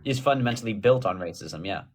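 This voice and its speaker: Host: American man, livestream debater, blunt and dismissive, with a lively, swinging pitch. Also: a little hiss or hum. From United States. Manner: blunt, dismissive, quick to cut in. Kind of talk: live online debate.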